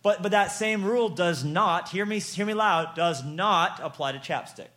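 A man with a slightly high-pitched voice delivers a humorous sermon from the pulpit. He is playful and tells stories, breaking into little acted-out exchanges as he goes. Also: normal speed, bright, forceful tone. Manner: playful, storytelling, acts out exchanges. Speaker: pastor.

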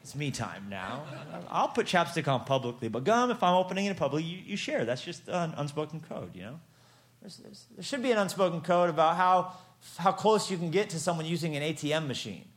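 A man's voice: fairly high pitch, expressive, fast talker. A man preaching a humorous sermon as a pastor, playful and storytelling, acting out little exchanges.

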